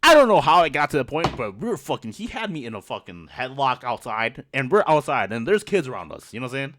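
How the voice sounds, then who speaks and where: A man's voice: medium pitch, sing-song, fast talker, a bit bright. A young man hosting a podcast, telling school stories casually, swearing freely and laughing often. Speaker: podcast host. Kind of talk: casual storytelling chat.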